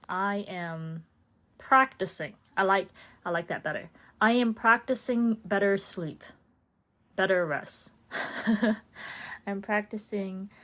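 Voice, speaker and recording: A woman hosting her own podcast in a casual, rambling solo chat, laughing often and slipping into playful voices for her own thoughts. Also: medium pitch. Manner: chatty and rambling, with frequent laughs and playful inner-voice asides. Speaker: podcast host.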